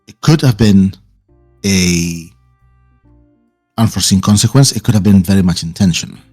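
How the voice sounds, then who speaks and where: A man doing a calculating male spymaster who speaks in a low, deliberate tone. He weighs each word and explains his schemes slowly and carefully, with faint music behind him. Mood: grave. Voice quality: calm, deliberate delivery.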